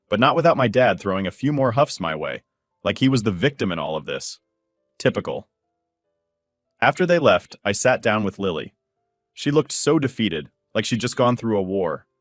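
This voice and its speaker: Man telling a story, low and dry. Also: fairly bright tone, dry recording. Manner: candid, indignant storytelling with swearing. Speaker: narrator. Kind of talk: first-person story narration.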